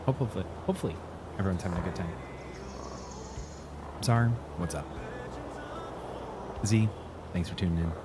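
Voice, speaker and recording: With long pauses in his normal-speed delivery, a deep-voiced man runs a live gaming stream from home, greeting viewers by name in relaxed chat. He sits close to a desk mic, music plays beneath his voice, and the recording is very noisy.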